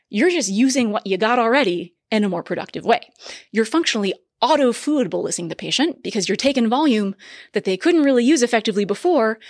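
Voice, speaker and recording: A woman giving a recorded medical lecture, explaining physiology in a lively, conversational way with quick asides. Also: a little high, no echo, studio quality.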